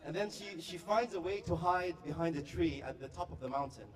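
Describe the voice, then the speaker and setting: A man performing stand-up comedy at a staff party, telling stories with quick, playful delivery and deadpan punchlines. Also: a little high, recorded from a distance, a faint crowd. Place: party venue before a live audience.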